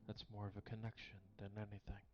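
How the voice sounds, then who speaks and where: A man in a live-streamed roleplay who speaks in a thoughtful, measured way. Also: lowish voice, completely flat delivery, muffled recording. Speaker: roleplay player.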